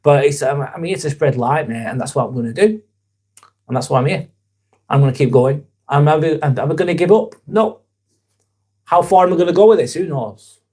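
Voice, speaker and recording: A young man hosts a casual live vlog, chatting in an earnest, rambling way and swearing casually, as in a live-stream conversation. His voice sits on the high side, animated and fairly quick, a little mellow with a breathy edge.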